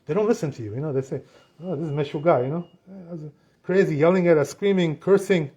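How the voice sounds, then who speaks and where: Rabbi, man, high-pitched; lively storyteller who acts out the dialogue. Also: brisk, highs cut off. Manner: animated retelling, acts out dialogue, frequent "you know". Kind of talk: storytelling Torah class.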